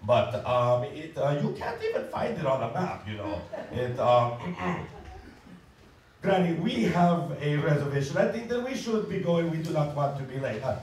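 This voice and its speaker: A man playing a smooth-talking suitor who fakes a Spanish-style accent, halting and full of fillers, recorded in an echoey hall from far away. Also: on the high side, big pitch swings, darkish tone, a little hiss or hum. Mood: bluffing. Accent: put-on Spanish-style accent. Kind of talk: community stage musical acting.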